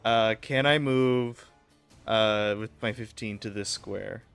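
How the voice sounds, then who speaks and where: A man's voice: lowish voice, takes it slowly, vocal fry, fairly bright tone, clear, resonant tone, faint music behind. A man playing a tabletop game, hesitant and giggly with lots of uhs. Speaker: player. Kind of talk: casual game chat.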